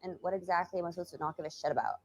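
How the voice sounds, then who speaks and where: An actress playing a sullen young female barista who talks in a drawling vocal fry, heard from a noisy played-back clip. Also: fairly low pitch, very fast, close to an everyday voice. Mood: drawling defensive. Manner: flat, drawling, defensive.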